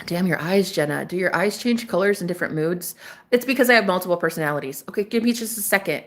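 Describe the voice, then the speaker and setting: A woman's voice: fairly low pitch, fast talker. A woman hosting a spiritual livestream, delivering a fiery, profane, preachy rant straight to her viewers. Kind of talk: ranting livestream monologue.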